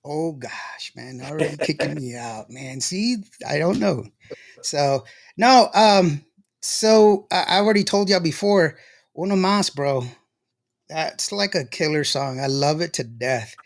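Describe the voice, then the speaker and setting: A man's voice: fairly high pitch, lively intonation, unhurried, creaky. Chatty man hosting a show. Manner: chatty, laughs often, tells anecdotes. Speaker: show host. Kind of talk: casual livestream chat.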